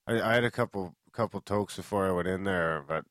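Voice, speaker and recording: Deep-voiced joking podcast co-host man. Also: brisk, fairly bright tone, dry recording. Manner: joking, profane banter. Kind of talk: casual chat.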